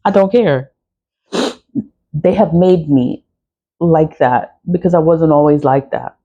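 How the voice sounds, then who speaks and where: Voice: medium pitch, a little slow, narrow, tinny audio. A spiritual practitioner from the talks straight to camera over a candle ritual. The speech is blunt and profane, circling back on the same phrases again and again as they vent about people who wronged them. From the Bronx, New York. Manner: blunt, profane, repetitive venting. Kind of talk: casual vlog monologue while doing a candle ritual.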